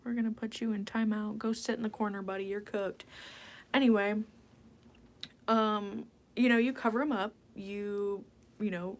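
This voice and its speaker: A woman at a mid-pitched speaking level runs a casual ASMR livestream. She answers her viewers in a playful, meandering way and often drops into a breathy whisper. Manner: casual rambling, drifting into whispered asides; chatty and playful, reading viewer questions aloud. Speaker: ASMR livestream host reading chat.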